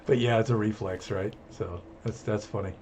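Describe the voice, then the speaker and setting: Low-voiced chatty man streaming a game. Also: steady tone, normal speed, darkish tone, slight background noise. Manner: chatty, self-amused, gives jokey tips. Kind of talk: live gameplay commentary.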